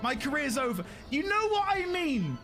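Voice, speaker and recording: Excitable high-voiced woman streamer. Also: normal speed. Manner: excitable, squealing and laughing a lot. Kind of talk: casual live-stream chat while playing. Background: music.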